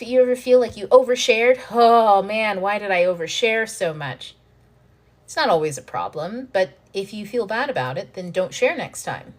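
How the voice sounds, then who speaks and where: A woman hosting a self-help video, explaining ideas in a frank, animated way, swearing freely and acting out panicked inner voices. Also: a little high. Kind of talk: casual teaching monologue to camera.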